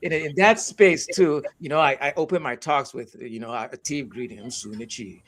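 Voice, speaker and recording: A man who was born in the United States and grew up in Nigeria speaks in a reflective, earnest way, often restarting his sentences as he works through a personal story. His voice sits a little higher than most men's. It is relaxed, conversational talk. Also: normal speed, slight background noise. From born in the United States, raised in Nigeria. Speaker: co-host. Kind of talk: casual conversation.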